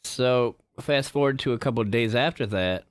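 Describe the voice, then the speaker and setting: A man's voice: medium pitch, normal speed, dry recording. A man vlogging in a casual, rambling monologue, swearing freely and getting worked up as he talks. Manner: profane, rambling, gets worked up.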